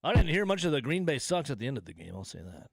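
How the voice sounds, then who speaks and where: A man's voice: medium pitch, very animated, gravelly, over a noisy crowd, heavy background noise. A man hosting call-in sports radio, mocking and sarcastic, stretching out his jokes. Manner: mocking, sarcastic, drawn-out asides. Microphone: studio microphone.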